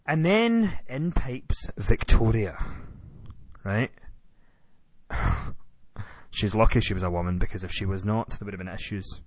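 A man's voice: on the low side, lively intonation, measured pace, long pauses, dry recording. A man hosting a podcast, telling a comic story with profane exasperation. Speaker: podcast host. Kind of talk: storytelling rant.

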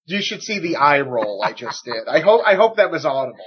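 A man co-hosting a wrestling podcast in casual chat, animated and joking, swearing freely. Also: on the high side, a little fast, muffled recording, a crowd in the background. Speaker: podcast co-host.

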